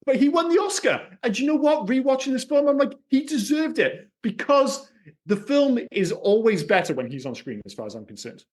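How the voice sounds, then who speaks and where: A man co-hosting a casual film podcast, talking in an animated, opinionated way and swearing freely. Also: extremely high pitch, brisk. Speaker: podcast co-host.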